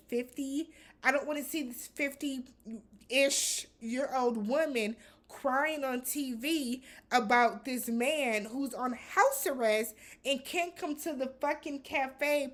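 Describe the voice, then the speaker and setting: With a high voice, a woman hosts a casual reality TV recap, talking bluntly and animatedly and swearing now and then.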